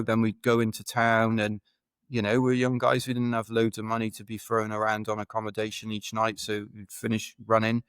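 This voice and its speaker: Low, even-toned British man. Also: fairly quick, clean tone, dry recording. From United Kingdom. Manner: rambling, self-deprecating, with fillers. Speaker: podcast guest. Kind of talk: casual anecdotal storytelling.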